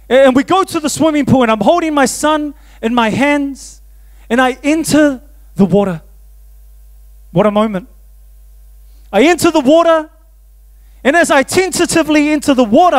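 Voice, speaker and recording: High-voiced New pastor. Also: male voice. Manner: animated, self-mocking, laughs often. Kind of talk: storytelling sermon.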